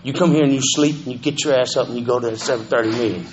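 A man voicing a blunt, stern older woman who gives gruff, profane orders in a low, hushed voice. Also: steady tone, racing, highs cut off, close to an everyday voice. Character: blunt stern old woman, tough and caring.

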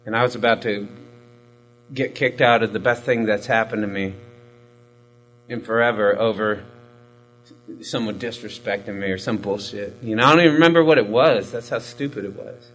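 A man's voice: fairly low pitch, normal speed, pauses often, a bit bright, rough recording. A man giving a candid, profane personal testimony in a rambling, self-mocking way, full of fillers. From Hispanic military family background. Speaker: recovery storyteller.

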